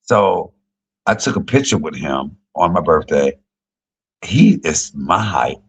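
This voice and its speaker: A middle-aged man, a comedian, telling profane, joking stories on a casual livestream and jumping high in pitch when he quotes people. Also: big pitch swings, slow pace, slightly rough, poor audio. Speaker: comedian and YouTube cook.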